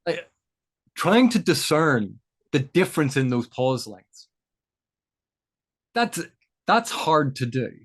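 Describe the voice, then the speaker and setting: A man's voice: fairly high pitch, sing-song, slow pace, long pauses. A man who is the guest of an interview, talking in a thoughtful, lecturing way and building each point with examples. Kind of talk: explanatory interview chat.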